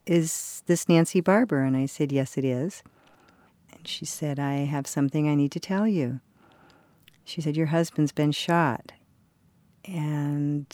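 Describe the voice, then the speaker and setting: A woman's voice: low-pitched, warm tone, no echo. An older woman telling a personal story in conversation, earnestly acting out the voices of the people in it. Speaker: interviewee recalling a personal story.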